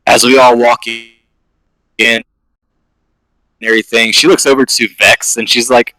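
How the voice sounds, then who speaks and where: Bright, dry-voiced man running a tabletop game. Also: fairly low pitch, steady tone, normal speed, no echo, poor audio. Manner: casual, rambling narration with many fillers. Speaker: game master.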